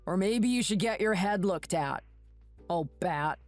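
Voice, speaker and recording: A woman's voice: medium pitch, expressive, unhurried, no room sound, soft background music, close to an everyday voice. A woman voicing a rude, ungrateful adult son who talks in a snappish, contemptuous way.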